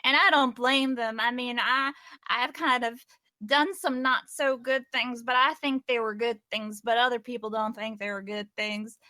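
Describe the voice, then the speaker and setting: A woman's voice: on the high side, fairly even intonation, moderate pace, bright, forceful tone, no room sound. A woman voicing a cheerful, childlike young woman in a tabletop game, chirpy, giggly and eager to please. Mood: earnest.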